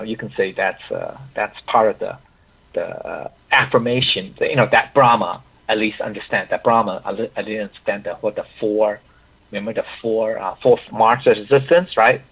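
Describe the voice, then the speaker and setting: A man teaching an online class, his voice very husky with a gravelly fry. He talks haltingly, restarting phrases and checking in with the listeners. The audio sounds dull and lo-fi. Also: on the low side, bright, forceful tone. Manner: halting, with frequent restarts and "okay, right?" check-ins.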